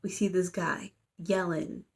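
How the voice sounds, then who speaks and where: A woman's voice: lowish voice, steady tone, unhurried, creaky, a little mellow, husky. A young woman, a student, casually recapping a story in a chatty, rambling way full of fillers and playful quotes. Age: young adult. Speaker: student vlogger.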